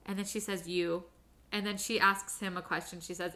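A woman's voice: medium pitch, pushed and bright. A young woman on a book podcast, retelling a novel's plot in a gushing, emotional way, full of "like". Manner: gushing, emotional, quick, with filler "like". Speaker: book club podcast host. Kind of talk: casual chat retelling a novel.

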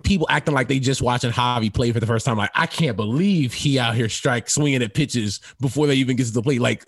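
A man co-hosting a casual sports talk show, telling stories in an animated way and laughing often. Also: medium pitch, quick pace, few pauses, slightly rough, no room sound, clean studio sound.

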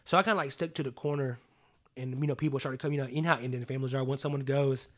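A man's voice: mid-range voice, steady tone, rapid-fire, fairly bright tone. A young adult man, a podcast guest, telling personal stories in an earnest, casual way, full of "like" and "you know what I mean".

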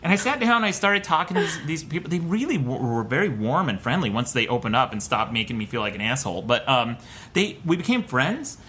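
A man's voice: mid-range voice, fairly quick. A man and guest comedian telling a self-mocking comic story on a podcast. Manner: animated, self-mocking, laughs mid-story.

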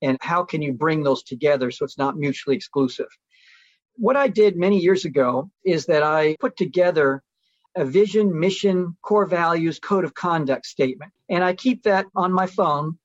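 A man's voice: on the high side, normal speed, dry recording, lo-fi sound. A middle-aged man speaking as a guest, telling reflective stories in an earnest, casual way with some restarts. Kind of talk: relaxed storytelling conversation.

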